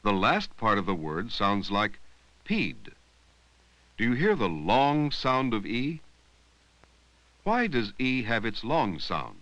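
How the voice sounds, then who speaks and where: A man narrating an old educational film about reading long words, speaking slowly and deliberately and stretching out words to show their sounds. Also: fairly low pitch, sing-song, a bit bright, dry recording, low-quality recording. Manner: slow, deliberate, drawing out words to teach sounds. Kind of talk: scripted instructional narration. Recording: dry, close voice-over from an old 16mm film.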